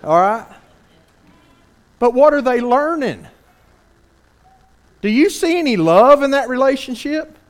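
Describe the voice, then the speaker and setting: Man, preacher, high-pitched voice, earnest sermon, animated rhetorical questions. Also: measured pace, pauses often.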